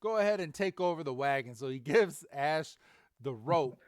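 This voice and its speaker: A man's voice: a little high, lively intonation, normal speed, no echo, clean studio sound. A man hosting a podcast, casually recapping an episode and often laughing. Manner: chatty recap with laughs and acted quotes. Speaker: podcast host. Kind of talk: casual chat.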